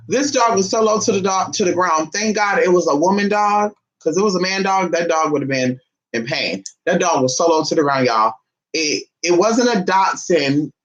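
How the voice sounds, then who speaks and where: A man talking casually and gossipily to his viewers, calling them y'all and honey, swinging from soft asides to loud exclamations. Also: fairly high pitch, lo-fi sound. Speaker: vlogger.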